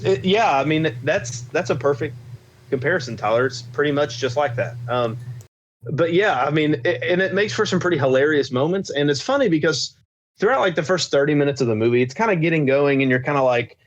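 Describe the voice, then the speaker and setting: With a fairly high, expressive voice and brisk delivery, a young podcast co-host gushes about films. His casual, enthusiastic chat rambles and is packed with fillers, on slightly dull lo-fi sound.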